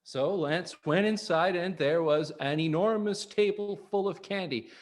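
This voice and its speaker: A man's voice: high voice, unhurried. A man reading a picture book aloud to young children, with chuckling asides. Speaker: early-years program reader.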